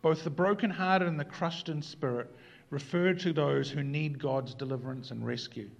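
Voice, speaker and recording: A male preacher with a slightly high voice delivers an earnest sermon, sometimes dropping low and hushed, sometimes rising into animated emphasis. The recording sounds a little dull and lo-fi. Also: normal speed, gravelly. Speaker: pastor.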